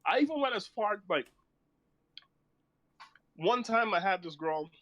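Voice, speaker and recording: A man's voice: high voice, expressive, measured pace, fairly bright tone. Rambling, laughing man in casual chat. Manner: laughs often, rambling storytelling.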